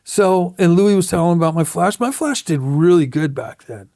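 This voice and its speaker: Brief: middle-aged male tattoo artist, high gravelly voice, swearing storyteller, close dry sound. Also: animated, moderate pace, a little mellow, no echo. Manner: profane, blunt storytelling with acted-out quotes. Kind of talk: casual storytelling interview.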